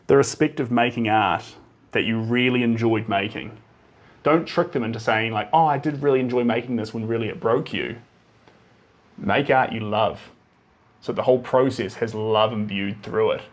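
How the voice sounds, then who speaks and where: A man in his thirties with a New Zealand accent, a painter chatting casually on a live stream, rambling and reading out viewer comments with a fairly even drawl. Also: medium pitch. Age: 30s. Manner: self-described monotone drawl.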